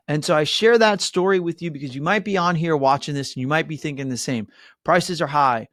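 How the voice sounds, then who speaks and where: A man's voice: fairly high pitch, brisk, fairly bright tone, no room sound, clean studio sound. A middle-aged man hosting a mortgage webinar, chatty and upbeat, with many fillers and "right?" asides. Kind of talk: webinar presentation.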